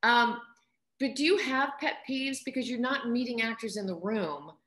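A woman's voice: fairly high pitch, moderate pace, a bit bright, roomy sound. A woman hosting a casual interview, chatty, asking questions and laughing easily. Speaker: interview host and acting coach.

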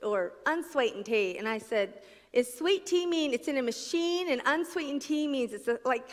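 A middle-aged woman from New Jersey giving a personal testimony talk at a conference, a lively storyteller who acts out the voices she quotes. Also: sits high, normal speed. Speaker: conference speaker. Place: conference hall stage. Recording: echoey conference hall.

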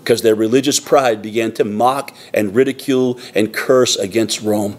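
A man's voice: fairly low pitch, fairly even intonation, normal speed. Earnest man preaching a sermon. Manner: earnest, repetitive emphatic preaching. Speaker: pastor. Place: church sanctuary.

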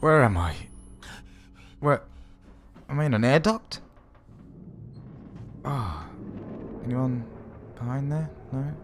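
A man giving wry, sarcastic let's-play commentary while playing a horror game, swearing often and yelling when startled. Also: mid-range voice, animated, slow, long pauses, slight background noise. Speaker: gaming video host.

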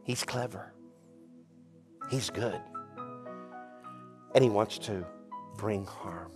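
A man preaching a sermon as pastor, telling a folksy joke story and speaking in a lively, conversational way. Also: lowish voice, drawn-out words, over music. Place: church sanctuary.

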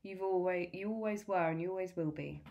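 A woman reading aloud the lines of a gentle, loving mother in a story, reassuring and calm. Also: lowish voice, a little fast, creaky, lo-fi sound.

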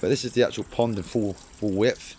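A man's voice: lowish voice, fairly even intonation, fairly quick, a little mellow, slight background noise. A man, a carp fishing vlogger, ranting bluntly and casually in a home video, using slang and strong opinions. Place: at home, then outdoors by a garden pond.

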